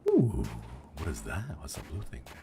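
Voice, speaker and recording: Sleepy male game streamer: extremely deep, gravelly voice that swings widely in pitch, unhurried, dreamy musing. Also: huge pitch swings, slight background noise. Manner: dreamy and musing, with soft exclamations of delight. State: sleepy and yawning. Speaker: livestreamer. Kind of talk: casual gameplay commentary. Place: at home.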